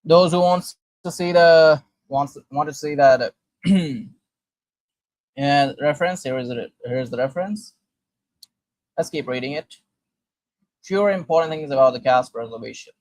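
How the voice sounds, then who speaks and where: A man's voice: on the high side, dry recording, low-quality recording. A man who reads old historical sources aloud and comments on them, stumbling often and restarting words as he goes. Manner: halting, with frequent restarts and fillers while reading.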